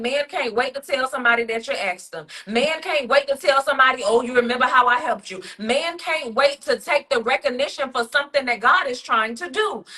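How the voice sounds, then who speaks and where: A woman's voice: high voice, sharp tone. A woman hosting a faith talk podcast, speaking in an emphatic, preacherly way with lots of repetition. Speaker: podcast host.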